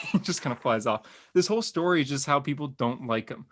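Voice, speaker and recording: A man hosting a podcast, chatting casually and excitedly about comic books, rambling with lots of filler words. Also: medium pitch, a little fast. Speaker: podcast host. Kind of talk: casual comic book review chat.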